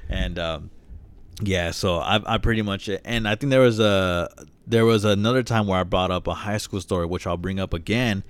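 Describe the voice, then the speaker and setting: A young man co-hosting a podcast, telling stories in a rambling, profane, animated way. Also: deep voice, moderate pace, smooth. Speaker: podcast co-host. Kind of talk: casual podcast banter.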